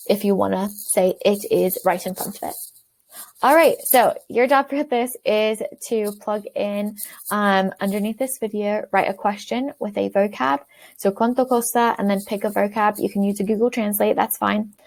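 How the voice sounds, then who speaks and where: A woman teaching beginners in a self-recorded video lesson, repeating words slowly and clearly for learners. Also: mid-range voice, steady tone, darkish tone. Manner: clear, slow repetition for learners. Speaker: language teacher.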